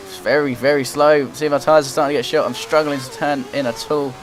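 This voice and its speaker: A young man giving running play-by-play commentary while playing a racing game, getting excited and frustrated as he drives. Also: a little high, brisk. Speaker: gaming commentator. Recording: loud game music behind the voice. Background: game music and engine noise.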